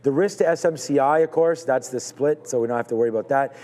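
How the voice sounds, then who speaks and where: A man's voice: mid-range voice, quick pace, mellow, long reverb tail. A man co-hosting a live stock market show, talking through trades in a hedging, thinking-aloud way with many fillers.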